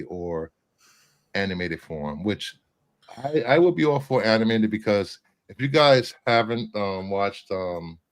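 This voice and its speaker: A man hosting a casual pop-culture chat show, joking and rambling with lots of fillers. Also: on the low side. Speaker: podcast host.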